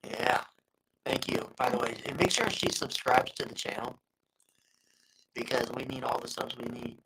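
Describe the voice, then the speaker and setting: A man hosting a casual sports podcast, laid-back and quick to laugh. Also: medium pitch, background noise. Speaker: podcast host.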